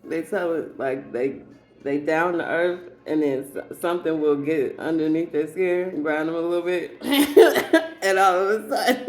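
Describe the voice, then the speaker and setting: A woman's voice: deep voice, expressive, unhurried, darkish tone, faint music behind. A woman telling rambling comedic stories and laughing often at her own jokes. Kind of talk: comedic monologue.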